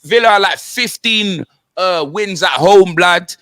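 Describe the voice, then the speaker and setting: A man's voice: sits high, unhurried, pushed and bright, dry recording, studio quality. A young man with a London accent hosting comedic football banter, rattling off slang and sing-song punchlines.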